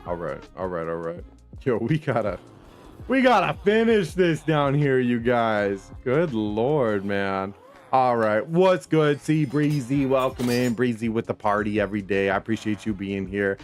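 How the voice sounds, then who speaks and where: A young man streaming a game from his room, chatting casually with viewers, calling them homies and brother in a laid-back slangy way. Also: medium pitch. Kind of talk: casual live-stream chat while gaming. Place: home room.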